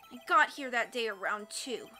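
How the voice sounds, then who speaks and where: A shy, frightened young boy, played by a woman, stammers through halting sentences. The voice is high-pitched and bright. It comes across as a video game character read aloud. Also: lively intonation, soft background music. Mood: scared.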